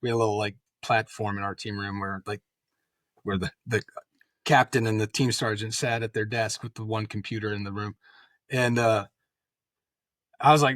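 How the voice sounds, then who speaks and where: His fairly low voice moves at normal speed with long pauses, recorded dry with no room sound. He's a middle-aged ex-Green Beret officer appearing as a podcast guest, telling stories in a relaxed interview and performing the quoted lines.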